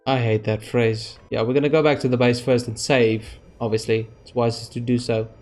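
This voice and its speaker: A man's voice: mid-range voice, level tone, moderate pace, a little mellow, faint music behind. A man giving rambling let's-play commentary over a space game, with many fillers and restarts. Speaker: gaming YouTuber.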